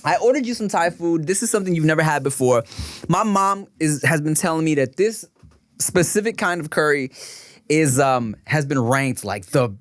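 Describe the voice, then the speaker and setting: Laid-back man, lively casual chat. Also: fairly high pitch, normal speed, dry recording, studio quality. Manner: laid-back slangy talk, laughs often. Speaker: podcast co-host.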